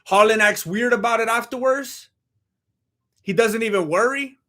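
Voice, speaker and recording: A man's voice: very high voice, moderate pace, bright, forceful tone. A man streaming live, chatting to his audience in a rambling, self-deprecating, laid-back way. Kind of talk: casual live-stream chat.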